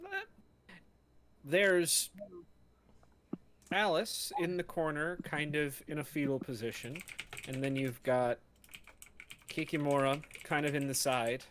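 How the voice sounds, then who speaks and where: A man in his twenties narrating a tabletop game as game master, with an unhurried manner and plenty of pauses. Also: fairly high pitch, fairly even intonation, fairly bright tone, slight background noise. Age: 20s. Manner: unhurried, hesitant narration with fillers.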